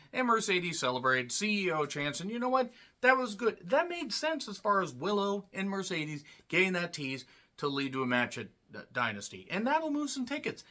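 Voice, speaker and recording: A man giving a blunt, profane solo review of a wrestling show, ranting and clearing his throat often. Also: a little high, pushed and bright.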